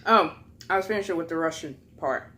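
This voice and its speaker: A young woman telling a story in a casual mukbang vlog, full of fillers, with a slightly higher voice when she quotes people. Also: brisk, a bit bright. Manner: chatty, many fillers, acts out quotes in a higher voice. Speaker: vlogger.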